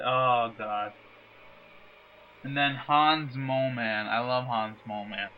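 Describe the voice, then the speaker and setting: A man's voice: mid-range voice, moderate pace, highs cut off, soft background music. A man hosting a gameplay video in casual commentary, rambling and drifting off topic. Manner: rambling, digressive, chatty. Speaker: let's play host.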